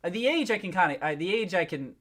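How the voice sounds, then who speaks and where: A man's voice: high-pitched, lively intonation, fast, a bit bright. A man hosting a casual livestream, reading out viewer comments in a chatty, playful way, laughing often and restarting his sentences. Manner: reacts to and reads out viewer comments.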